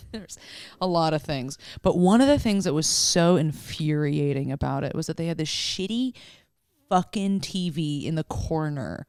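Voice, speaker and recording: A woman's voice: sits low, a little mellow, smooth, no echo, studio quality. A woman stand-up comedian as a podcast guest, telling stories candidly in casual chat with plenty of swearing. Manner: candid, profane storytelling.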